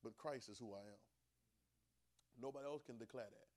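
Dialect-speaking preacher swinging from soft to loud. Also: male voice, medium pitch, brisk. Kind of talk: sermon.

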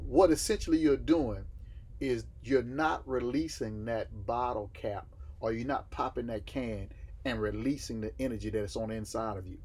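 A man's voice: mid-range voice, moderate pace, a little mellow, husky. A man from the States, teaching a Bible class and asking his listeners questions that he then answers himself. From Southern United States.

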